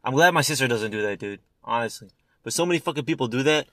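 A young man chatting casually with friends, telling animated stories full of swearing and fillers. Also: medium pitch, dry recording. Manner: fast, animated storytelling, heavy swearing and filler. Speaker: friend chatting about movies. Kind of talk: casual chat.

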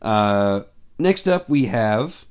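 A man vlogging casually about upcoming films, excitable and quick to get worked up, with lots of fillers. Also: lowish voice, clear, resonant tone. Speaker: movie fan vlogger.

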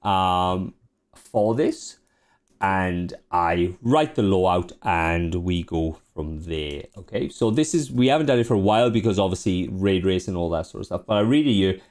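Man, game master, very low pitch, rambling, sweary. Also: darkish tone. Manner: sweary, rambling, frequent fillers. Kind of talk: casual chat and reading lore aloud.

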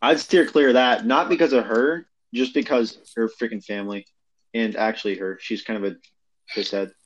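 A man's voice: mid-range voice, steady tone, normal speed, lo-fi sound. A man chatting casually, blunt and mocking, often laughing. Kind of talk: casual chat.

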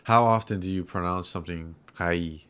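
Deep-voiced man patiently explaining pronunciation. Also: a bit bright, smooth. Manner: explains pronunciation patiently, slowing words down to demonstrate. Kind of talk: casual podcast chat.

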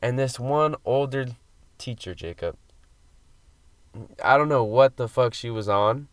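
A man's voice: mid-range voice, expressive, unhurried, clean tone, no room sound. A man casually chatting on a podcast, telling a long story with many fillers and some swearing. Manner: rambling storytelling, frequent fillers, mild swearing. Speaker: podcast co-host. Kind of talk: casual chat. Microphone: studio mic.

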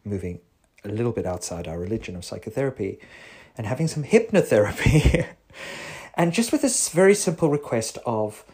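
Husky man rambling wryly. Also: mid-range voice, expressive, fairly quick, a little mellow. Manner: rambling, self-interrupting, wry. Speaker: psychotherapist. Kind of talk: casual voice note monologue.

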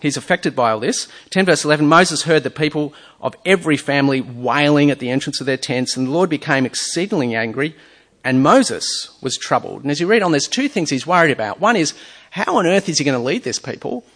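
A man's voice: fairly high pitch, animated, brisk, a bit bright. A man preaching a sermon, reading scripture aloud and asking his listeners earnest rhetorical questions. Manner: reads scripture aloud between explanations. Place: church or hall with a screen.

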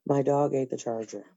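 A woman's voice: very deep voice, gravelly, dark tone, dry recording. A woman hosting a stream, talking in a blunt, profane casual chat. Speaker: stream host. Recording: dull lo-fi dry sound.

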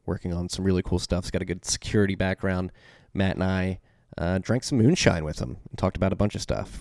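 A man's voice: sits low, creaky, darkish tone, no room sound, studio quality. A man with a Philadelphia accent hosting a podcast, reading ads in a loose, chatty way with many ums and restarts. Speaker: podcast host. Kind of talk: casual podcast intro and ad reads.

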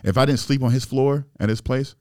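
A man's voice: medium pitch, steady tone, brisk, darkish tone, no room sound, clean studio sound. A man from Illinois, a podcast guest, telling his life story in loose, profane street talk full of fillers. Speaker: interview guest.

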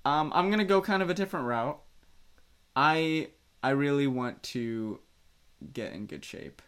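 A young man co-hosting a podcast with his wife, speaking in a casual, halting way. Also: a little high, lively intonation, fairly bright tone, clear, resonant tone. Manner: hesitant, halting. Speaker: podcast co-host. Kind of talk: casual chat.

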